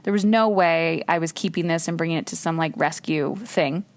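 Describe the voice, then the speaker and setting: A woman podcast host telling a personal story in a casual way. She jumps high when she quotes her own exclamations and swears freely. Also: moderate pace, dry recording.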